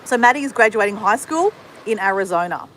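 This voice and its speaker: Woman, Australian accent, livestream host, casual friendly chat, mid pitch, faint background noise. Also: lively intonation, fairly quick, a bit bright, low-quality recording. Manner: chatty, greets viewers and answers comments. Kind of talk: casual live chat with viewers. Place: outdoors in the sun.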